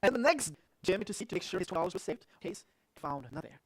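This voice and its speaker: A male pastor telling a story in a sermon, animated, swinging between loud and hushed. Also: sits high, fast.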